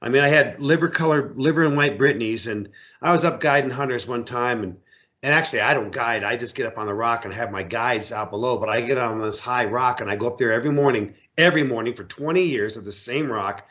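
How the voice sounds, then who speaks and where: A middle-aged American man, an outfitter and hunting guide, telling stories in a casual interview, animated and repeating words as he acts out voices. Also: mid-range voice, fast.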